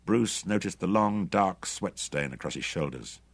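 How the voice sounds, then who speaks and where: A man with a deep, husky voice reads an audiobook with dramatic expression. His pitch rises and falls widely as he narrates, and the sound is dry and close. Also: animated, a little slow, no room sound. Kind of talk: scripted narration.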